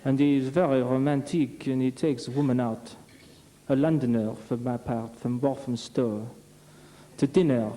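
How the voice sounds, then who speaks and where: A man's voice: medium pitch, fairly even intonation, a little slow, dark tone, low-quality recording. A man on stage at an amateur revue, telling long jokes to a live audience in a rambling, chatty way. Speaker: revue comedian.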